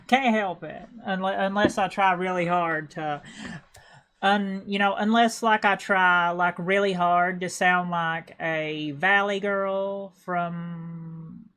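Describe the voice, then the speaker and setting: A woman's voice: fairly low pitch, steady tone, slow pace, fairly bright tone. Rambling Appalachian woman streamer. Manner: rambling, stammering, repeats words. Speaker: game streamer. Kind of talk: casual livestream chat.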